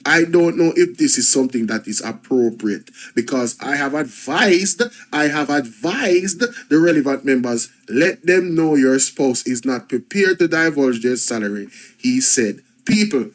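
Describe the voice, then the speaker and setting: A man's voice: medium pitch, lively intonation, moderate pace, poor audio. A man hosting a news reaction show. He rants emphatically, circling back over his points again and again, fed up and blunt. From Jamaica. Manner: angry, repetitive, emphatic ranting. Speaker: host. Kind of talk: commentary reacting to news clips.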